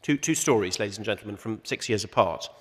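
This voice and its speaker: A man chairs a conference panel, speaking in a measured, wry way with frequent asides and restarts. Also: lowish voice, lively intonation, husky. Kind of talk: conference opening speech. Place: large assembly hall. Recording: long hall reverb.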